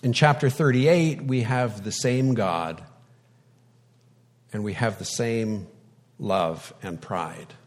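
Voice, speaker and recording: A man preaching a sermon, deliberate and reflective, with touches of light wry humor. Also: lowish voice.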